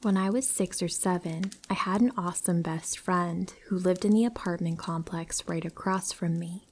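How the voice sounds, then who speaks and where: A woman reading true horror stories aloud in a soft, hushed storytelling voice that often drops to a whisper. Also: on the low side, moderate pace, a little hiss or hum. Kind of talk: scripted narration of listener stories.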